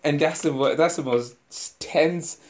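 A man's voice: on the high side, measured pace, darkish tone. A man co-hosting a casual podcast, telling rambling stories with frequent laughter and swearing. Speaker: podcast co-host. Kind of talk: casual banter.

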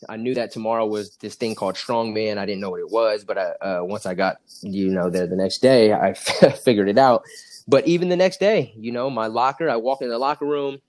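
A man's voice: lowish voice, fairly quick, a little mellow. A young man from California telling his story as a podcast guest, acting out the dialogue and laughing often. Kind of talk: casual storytelling.

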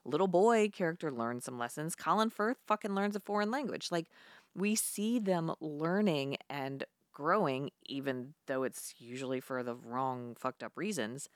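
Woman co-host, low pitch, blunt and animated, dry recording. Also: moderate pace, no echo. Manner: animated, blunt, swears freely. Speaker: podcast co-host. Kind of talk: casual chat.

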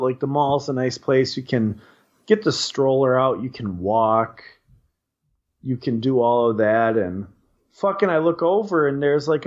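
A man's voice: medium pitch, dull audio. Rambling, profane man telling a story. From Wisconsin. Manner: rambling, profane, lots of fillers. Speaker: podcast co-host. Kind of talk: casual storytelling chat.

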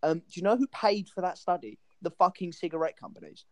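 A man's voice: high voice, big pitch swings, a little fast, a little mellow, dry recording. A young man hosting a podcast, joking crudely and swearing freely. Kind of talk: casual podcast banter.

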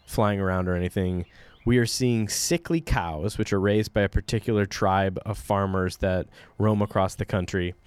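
A man's voice: on the low side, a little mellow, dry recording. A man telling a personal story on a podcast in a casual, digressive way, with frequent fillers and restarts.

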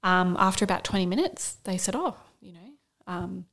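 A woman's voice: medium pitch, lively intonation, moderate pace, creaky, fairly bright tone. A woman in her thirties, a podcast co-host, candidly telling her birth story in casual chat and quoting herself with bursts of emotion.

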